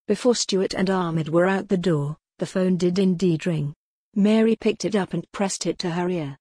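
A woman narrating a gothic novel in a measured, even way. Her voice sits low for a woman. The sound is dry and close, with no room echo. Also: breathy edge. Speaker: audiobook narrator.

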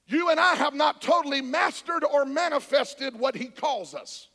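A man preaching a charismatic sermon, shouting and calling on the congregation to answer back. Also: extremely high pitch, lively intonation, moderate pace, gravelly, hardly any pauses. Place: church sanctuary. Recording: church hall with long reverb.

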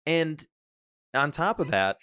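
A man's voice: fairly high pitch, big pitch swings, slow pace, sharp tone, smooth, dry recording, studio quality. A man co-hosting a casual podcast, joking around and slipping into mock voices for the people he talks about. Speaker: podcast co-host. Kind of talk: casual chat.

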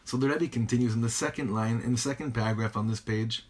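A man teaching a Hasidic text in a study class. He reads each Hebrew line slowly, then translates it and marvels at it aloud. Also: medium pitch.

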